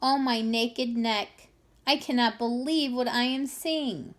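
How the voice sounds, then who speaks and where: A woman voicing a polite, gentle female giraffe in a storybook reading. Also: fairly high pitch, lively intonation, a little slow. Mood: overjoyed.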